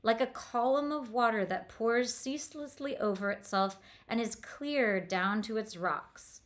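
A woman's voice: a little high, a little slow. A woman reading a coaxing god, the elder brother. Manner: gentle, coaxing, read from a novel. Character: a male god, the heroine's elder brother, teasing and wise.

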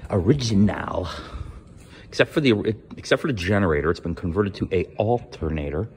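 A man in his workshop telling a casual, animated story and acting out what other people said. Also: moderate pace, slight background noise. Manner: animated, quotes others with pitch jumps. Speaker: vlogger in his shop.

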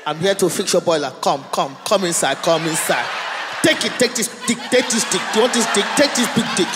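A woman puts on a pompous macho man with a Nigerian accent, barking stiff, formal commands at a loud pitch. The voice booms across a big venue with a long reverb and a faint hum beneath. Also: a little fast, crowd noise, close to an everyday voice. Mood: commanding.

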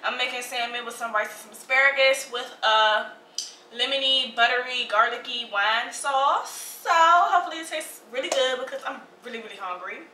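A woman's voice: high-pitched, normal speed, sharp tone, roomy sound, a little hiss or hum, poor audio. A young woman chatting casually to her viewers while cooking and eating in her home kitchen, playful and talkative, recorded on a phone. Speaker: food vlogger. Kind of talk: casual vlog chat. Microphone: phone camera.

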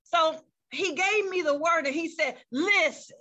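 A woman's voice: very high voice, unhurried, pushed and bright, highs cut off. A woman pastor preaching a fervent sermon over a video call, breaking into praise as she goes. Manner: fervent, peppers speech with praise interjections.

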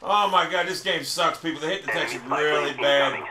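A man giving live gameplay commentary, loud and profane, ranting and trash-talking. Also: fairly high pitch, moderate pace, reverberant, a crowd in the background. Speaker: gamer.

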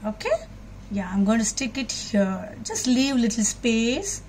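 A woman's voice: on the high side, measured pace, a little mellow, a little hiss or hum. A woman demonstrating a children's craft, talking patiently and asking the children questions as she works.

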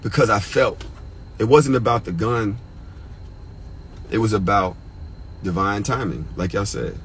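Animated, profane man telling a story. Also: measured pace, a little hiss or hum, low-quality recording. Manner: animated, profane, jumps to high excited pitch when worked up; emotional, gets choked up. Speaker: storyteller vlogger. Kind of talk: casual personal storytelling.

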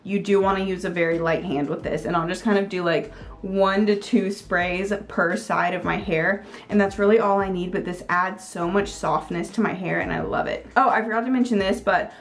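A woman talks through her favorite hair products in a casual, chatty vlog, scattering "like" and "um" through her sentences. Her pitch sits in an everyday middle range. She sounds upbeat and gushes now and then. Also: fairly even intonation, moderate pace. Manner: chatty, filler-heavy with frequent "like" and "um"; upbeat, gushing. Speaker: beauty vlogger.

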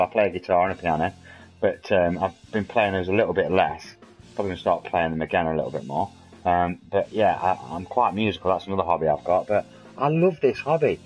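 This is a man in his forties with a very deep, low voice. He chats to his stream's viewers in a loose, rambling, matey way while he plays. Soft music sits faintly behind him. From England. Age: 40s. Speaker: game streamer. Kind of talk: casual live-stream chat.

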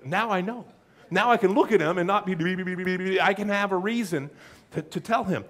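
A man preaching a sermon as pastor, animated and humorous, acting out little asides. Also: high voice, moderate pace.

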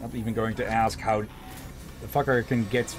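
A man's voice: lowish voice, level tone, moderate pace, background noise. A man streaming a co-op game, chatting casually and swearing at what happens on screen. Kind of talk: casual gaming stream chat.

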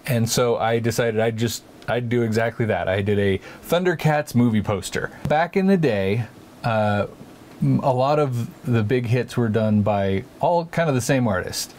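A male artist hosting a loose, chatty art show, mid-pitched and easygoing. He wanders through his points playfully, often restarting his sentences as he thinks aloud. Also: normal speed, a little mellow, a little hiss or hum. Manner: rambling, playful, restarts a lot. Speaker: podcast host, artist. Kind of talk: casual chat about art.

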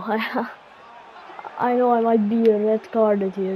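Woman host calling her own football game match at a slow pace, talking to herself when plays go wrong; muffled, slightly hissy recording. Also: fairly high pitch, flat delivery. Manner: self-critical, muttering to herself between calls. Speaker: gaming channel host. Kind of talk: play-by-play commentary over a football video game. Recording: dull lo-fi recording, faint hiss.

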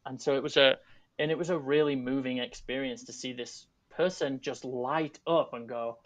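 Man, mid-pitched voice, earnest storytelling, panel talk, video call. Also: steady tone, normal speed. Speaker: guest panelist. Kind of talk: casual panel discussion.

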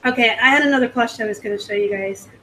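A woman's voice: fairly high pitch, fast, a bit bright, a little hiss or hum, low-quality recording. A woman from the US West Coast hosting a live stream. She reads out viewer comments and chats about her selling in a rambling, casual way. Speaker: host.

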